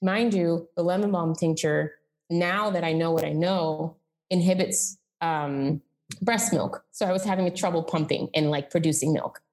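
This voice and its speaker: A woman's voice: lowish voice, moderate pace, darkish tone. A woman in her thirties telling her personal story as a podcast guest, candid and chatty, with lots of "like" and "um". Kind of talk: casual conversational storytelling.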